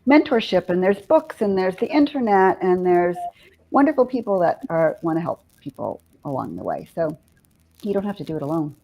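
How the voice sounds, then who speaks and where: A woman's voice: lowish voice, normal speed, vocal fry. A woman guest in a casual interview, talking animatedly and quoting herself as she chats about cooking. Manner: chatty, animated, quotes herself with laughs. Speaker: guest, vegan cooking teacher.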